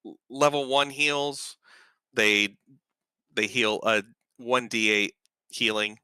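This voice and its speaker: A man's voice: medium pitch, steady tone, takes it slowly, bright, forceful tone, clear, resonant tone, no room sound. A man narrating as game master of a tabletop game, loose and rambling with many fillers.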